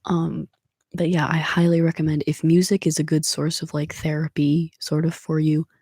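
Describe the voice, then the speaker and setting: Gravelly, husky soft-spoken streamer. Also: medium pitch, flat delivery, moderate pace, no echo, studio quality. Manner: soft-spoken, drifting in and out of whispers, rambling and emotional. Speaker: ASMR livestreamer. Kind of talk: soft-spoken whispered ASMR chat. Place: small room at home.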